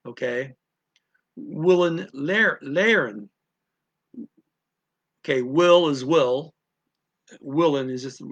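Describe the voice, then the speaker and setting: Slow, halting man explaining words. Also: medium pitch, creaky, a bit bright. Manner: slow, halting, many fillers, repeats words aloud. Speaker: language teacher. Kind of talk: casual explanatory lesson.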